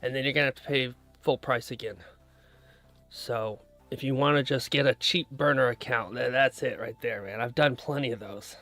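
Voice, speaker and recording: A man's voice: mid-range voice, normal speed, pushed and bright, faint music behind. A young American man streaming live while day trading, rambling casually and greeting viewers by name. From United States. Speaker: livestream day trader.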